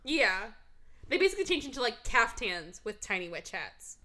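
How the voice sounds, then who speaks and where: A woman hosts a casual movie-review podcast, running through the plot with swearing and quick mock voices. Her voice sits a little high and rings very bright and forceful. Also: big pitch swings. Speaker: podcast host.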